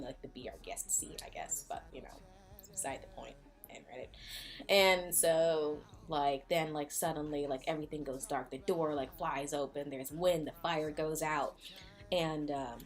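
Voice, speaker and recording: Sarcastic low-voiced woman vlogger. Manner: sarcastic, many fillers. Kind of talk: casual, joking retelling.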